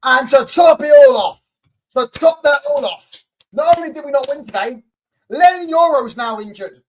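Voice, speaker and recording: A man's voice: very high voice, animated, normal speed, a little hiss or hum, poor audio. A man hosting a football fan channel, ranting angrily and repetitively with lots of swearing. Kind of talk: angry fan rant to camera.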